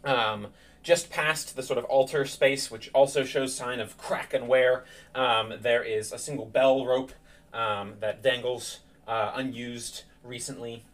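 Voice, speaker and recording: A male game master narrates a tabletop session in a mid-pitched, everyday voice, hesitating often with fillers as he sets the scene. The sound comes from slightly away from the microphone, as on a streamed game night. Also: fairly even intonation, measured pace, fairly bright tone, recorded from a distance. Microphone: streaming setup.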